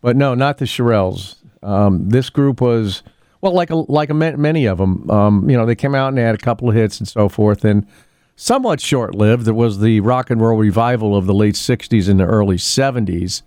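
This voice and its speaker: A man's voice: lowish voice, fairly quick, a little mellow, no room sound, studio quality. A man hosting a casual local radio show, chatting in a rambling way with many fillers and restarts. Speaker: radio host. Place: radio studio.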